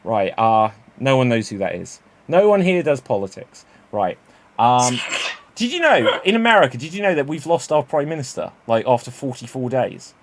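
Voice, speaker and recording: A man's voice: medium pitch, big pitch swings, normal speed, slight background noise. Chatty man hosting an improv stream. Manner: chatty, self-correcting, laughs at own slips. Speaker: improv show host.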